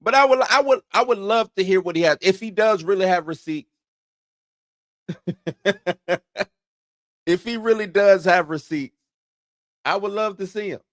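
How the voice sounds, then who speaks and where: A man's voice: high voice, unhurried, pauses often, no room sound, clean studio sound. A man hosting an entertainment news show in loose, slangy casual commentary, chuckling between points.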